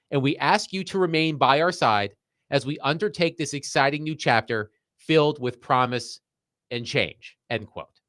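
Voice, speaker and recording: Mid-pitched male sports host, steady and measured. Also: no room sound, studio quality. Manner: measured, reads quotes aloud then comments. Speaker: sports talk show host. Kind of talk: sports radio talk.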